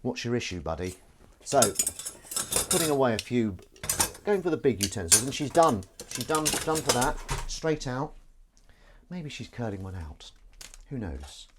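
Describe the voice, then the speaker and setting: Over a very noisy backdrop of clattering dishes and cutlery, a man hosts a live stream from his kitchen sink as he washes up. He chats in a rambling, jokey, self-aware monologue, using a mid-range voice with big pitch swings at a measured pace.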